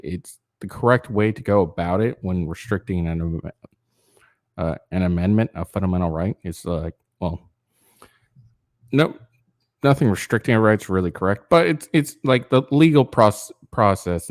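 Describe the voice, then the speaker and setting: A man with a fairly low voice reads a news piece aloud and keeps breaking into crude, rambling asides. He sounds tired, stumbles and restarts often, and leans on fillers. The sound is close and dry. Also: no echo. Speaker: political commentary channel host. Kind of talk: casual reading of a news article with rants.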